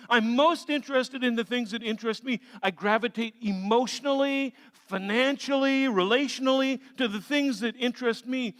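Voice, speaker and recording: Man, pastor, sermon, high voice, animated, acts out scenes, dry close sound. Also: no echo. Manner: animated, acts out little scenes with shifting energy. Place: large church sanctuary.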